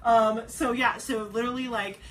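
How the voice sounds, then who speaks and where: A woman's voice: on the high side, fairly even intonation, moderate pace. A young woman hosting a craft channel, telling a personal story in a chatty way full of "like" and restarts. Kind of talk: casual chat, telling a birth story.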